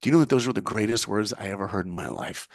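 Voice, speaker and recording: This guest, a middle-aged New Yorker, has a lowish voice and a quick pace, captured in dry, clean studio sound. He delivers a story with punchy, motivational energy and acts out the people he quotes.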